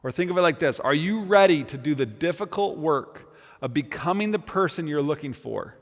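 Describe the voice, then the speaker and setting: Male pastor, high voice, earnest sermon delivery with repeated words, big reverberant hall. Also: animated, moderate pace.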